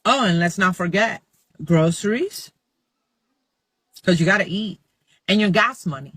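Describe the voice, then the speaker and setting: A man's voice: high voice, unhurried, a bit bright, husky, no room sound. A man in a casual vlog, methodically walking through wage and bill numbers. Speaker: vlogger explaining wages.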